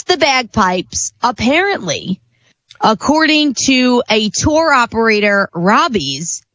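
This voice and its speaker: A woman's voice: on the high side, fairly bright tone, no room sound, dull audio. A woman reporting as a national correspondent on a radio show, playful and teasing with the host. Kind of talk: radio segment chat.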